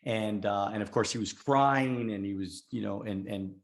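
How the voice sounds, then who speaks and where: A man's voice: on the low side, normal speed, gravelly. A male host in his forties tells a personal story in a loose, rambling way. He is frank and self-deprecating and often repeats himself as he goes. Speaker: podcast host. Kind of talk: conversational interview.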